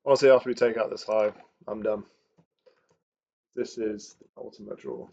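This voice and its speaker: A man's voice: fairly low pitch, fairly even intonation, normal speed, a little mellow. A young man streaming his live trading, thinking aloud with muttered, chatty asides, in a dull lo-fi recording. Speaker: day trader streaming live.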